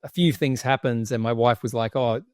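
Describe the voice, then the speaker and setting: A man's voice: mid-range voice, fairly quick, darkish tone, no room sound, clean studio sound. A man guesting on a podcast, telling a personal story candidly with frequent restarts. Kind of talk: casual interview chat.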